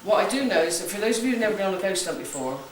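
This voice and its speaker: Racing along with a lively, mid-range voice, a West Country woman runs a ghost hunt as a psychic, briefing a group in a jokey, chatty manner and asking "okay?" again and again. A far-off camera mic captures her in a big echoey room in an old building, with some noise behind.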